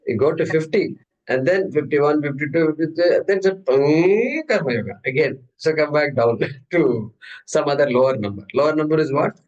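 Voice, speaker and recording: A man's voice: fairly high pitch, lively intonation, moderate pace, darkish tone, dull audio. A man teaches an informal scripture class. He talks in a loose, joking way and poses questions to the room before answering them himself. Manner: humorous, conversational, asks and answers his own questions. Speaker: Gita teacher.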